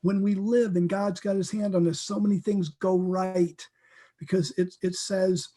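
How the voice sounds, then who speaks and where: A man with a fairly high voice leads a Bible teaching. He speaks earnestly and with feeling, often repeating words and restarting his sentences. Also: steady tone, a little slow, mellow. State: emotional.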